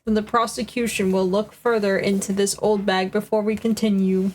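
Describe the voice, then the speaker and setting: A woman's voice: medium pitch, level tone, moderate pace, a little mellow, a little hiss or hum, close to an everyday voice. Woman voicing a stern, formal old judge. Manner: formal, pronouncing. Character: stern male courtroom judge, easily flustered.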